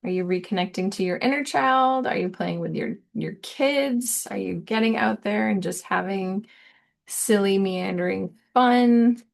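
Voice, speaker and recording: A woman giving a casual, meandering tarot reading, soft and giggly, repeating words playfully. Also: medium pitch, a little slow, vocal fry. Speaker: tarot reader.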